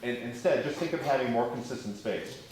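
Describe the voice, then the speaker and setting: A man's voice: mid-range voice, brisk, a little mellow. A man coaching a men's choir in rehearsal, encouraging the singers and demonstrating phrases by singing them. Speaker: vocal coach. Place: large rehearsal hall. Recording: echoey rehearsal hall, faint noise.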